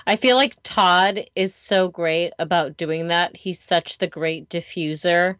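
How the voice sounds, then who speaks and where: A woman co-host chats in a supportive, affirming way, her voice low for a woman and smooth. The recording is dry and a little dull, with the top end trimmed. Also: takes it slowly, fairly bright tone, dry recording. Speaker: podcast co-host. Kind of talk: casual chat.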